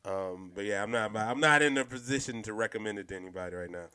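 Low, bright-voiced man chatting casually. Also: quick pace, smooth. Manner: rambling, laid-back slang, many fillers. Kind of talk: casual chat.

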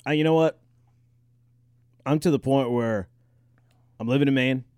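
A man's voice: medium pitch, moderate pace, darkish tone, clear, resonant tone, dry recording, studio quality. A man co-hosting a podcast, agreeing and joking in a laid-back, casual way. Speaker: podcast co-host.

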